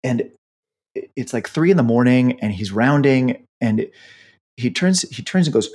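A man's voice: mid-range voice, animated, moderate pace, darkish tone. A man, an emergency physician, teaching in casual conversation and telling stories animatedly with many fillers.

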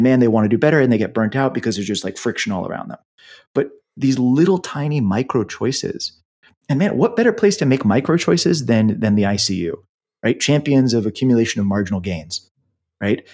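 A man's voice: medium pitch, vocal fry, a little mellow, slightly rough. A man, an emergency physician, teaching in casual conversation and telling stories animatedly with many fillers.

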